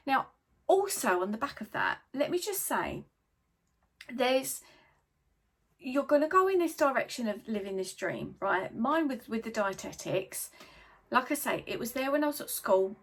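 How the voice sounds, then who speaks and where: A middle-aged woman, talking in a casual, chatty motivational vlog, rambling and digressing and putting on lively voices when she quotes people. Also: high voice, moderate pace. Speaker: vlogger and life coach.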